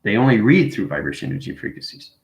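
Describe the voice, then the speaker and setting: A man's voice: fairly low pitch, very animated, rapid-fire, gravelly, reverberant, poor audio. A man hosting a casual spiritual monologue, rambling and checking in with "right?" and "you know what I mean" after nearly every point. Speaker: spiritual video host.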